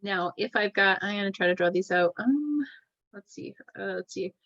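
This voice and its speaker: A woman teaches a classroom lecture in a middle-pitched voice, walking through each point as she draws and pausing to ask "right?". The recording is dull and lo-fi, with a dry, close sound. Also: animated, a bit bright, no room sound. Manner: explains while drawing, checks in with "right?" often.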